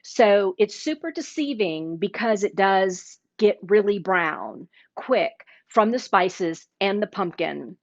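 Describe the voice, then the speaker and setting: Woman, cooking show host, chatty, enthusiastic, slow pace, dry close sound. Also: medium pitch, animated, no echo. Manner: chatty, enthusiastic, talks with mouth full while tasting. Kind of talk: casual live cooking demo. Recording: dull lo-fi livestream audio.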